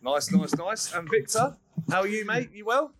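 A man's voice: high-pitched, lively intonation, normal speed, fairly bright tone, rough recording. A man hosting a podcast in an upbeat, jokey, rambling way. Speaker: podcast host. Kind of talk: casual podcast chat.

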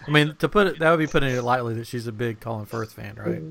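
A man's voice: mid-range voice, fast talker, gravelly, a bit bright. A man hosting a podcast, leading a casual chat with teasing remarks and plenty of fillers. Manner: teasing, leads the conversation with fillers. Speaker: podcast host.

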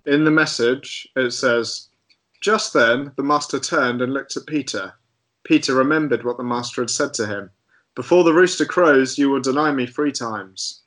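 A man's voice: mid-range voice, normal speed, fairly bright tone. A man in a casual Bible study group, easygoing and prone to joking.

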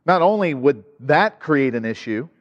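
A man's voice: a little high, animated, normal speed, big-room sound, muffled recording. A man preaching a sermon as pastor, conversational, with asides and rhetorical questions to the congregation.

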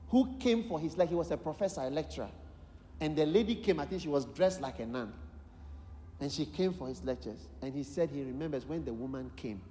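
Ghanaian bishop preaching, lively swooping voice, big echoey church hall. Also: male voice, high-pitched, slight background noise. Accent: Ghanaian English. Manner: animated storytelling, acting out quoted voices, bursts of shouting prayer. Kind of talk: sermon. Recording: echoey large hall, live sermon.

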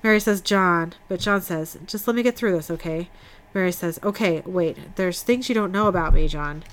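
A woman's voice: on the low side, normal speed. A woman co-hosting a podcast, reading scene dialogue from her notes in a casual recap. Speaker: podcast host recapping an episode.

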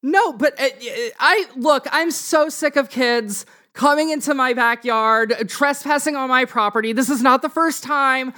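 Man doing a high-pitched, flustered middle-aged woman who yells at kids in a tabletop game. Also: measured pace, hardly any pauses, full character voice. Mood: scolding. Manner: shrill, flustered, scolding.

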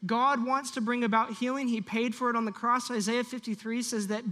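A pastor preaching to a church congregation, animated and leading the room in call-and-response. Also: medium pitch, a little fast. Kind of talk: sermon.

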